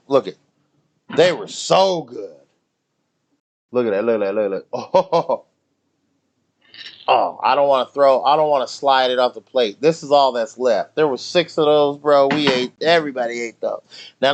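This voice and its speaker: A young man telling stories during a casual live stream with loud slangy banter, drinking while he talks at home. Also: medium pitch. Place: home, near the grill.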